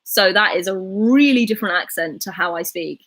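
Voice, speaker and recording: A young woman in her twenties speaks with a soft, breathy voice and a Southern English RP accent. She rambles through a casual livestream chat, reading viewers' comments aloud and answering them as she goes. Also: medium pitch, normal speed. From England. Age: 20s. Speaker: livestreaming YouTuber.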